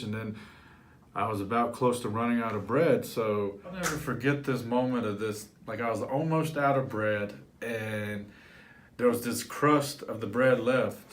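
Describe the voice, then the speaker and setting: A man working as a life coach, telling a personal story to camera in a lively, animated way. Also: medium pitch. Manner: animated storyteller, acts out his childhood voice.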